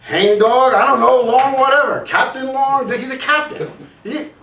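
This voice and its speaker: A man's voice: very high voice, moderate pace, sharp tone, heavily acted. An amateur actor playing a brash, vain male football receiver who rambles defensively and swears. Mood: ranting. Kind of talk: amateur spoof acting. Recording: echoey room, distant mic.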